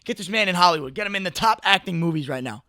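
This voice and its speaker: A young man giving casual, mocking reaction commentary, riffing excitably with lots of "like" and "bro". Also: sits high, racing, dry recording, clean studio sound. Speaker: commentary video host.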